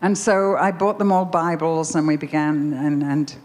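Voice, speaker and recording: An older woman giving a Christian talk, telling a personal story in an animated, emphatic way full of questions. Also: deep voice, moderate pace. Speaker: Christian speaker.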